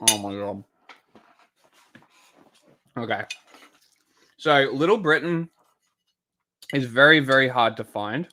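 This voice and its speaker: Male streamer, casual rambling delivery, heavy swearing, bright tone. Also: medium pitch, lively intonation, slow, pauses often. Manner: rambling and profane, with many restarts and fillers. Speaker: livestreamer commenting on news. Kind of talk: casual live-stream chat.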